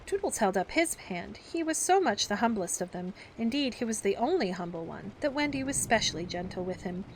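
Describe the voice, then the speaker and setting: A woman reading a children's classic aloud as a gentle bedtime story, taking on the characters' voices. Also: very animated, fairly quick, background noise. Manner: acts the characters with raised pitch for the children's outbursts.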